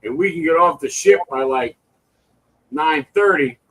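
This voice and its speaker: A man co-hosting a livestream, telling animated stories and loudly acting out what people said. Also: fairly high pitch, unhurried, slight background noise, low-quality recording. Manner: animated storyteller, acts out quotes loudly. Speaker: livestream co-host. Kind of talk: casual chat.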